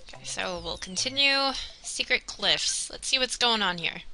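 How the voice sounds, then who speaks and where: A young woman giving casual, excitable commentary while playing a video game, talking to herself and the game. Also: medium pitch, normal speed, poor audio. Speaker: let's player. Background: game music.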